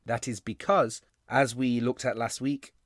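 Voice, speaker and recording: A male English teacher giving a recorded grammar lesson, explaining step by step and slowing down on key terms. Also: medium pitch, steady tone, no echo, clean studio sound.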